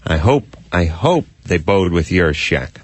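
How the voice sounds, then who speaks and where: A man hosting a comedy talk radio show, riffing on absurd scenarios and bursting into shouted mock cop lines. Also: low-pitched, big pitch swings, measured pace, slightly rough, dry recording.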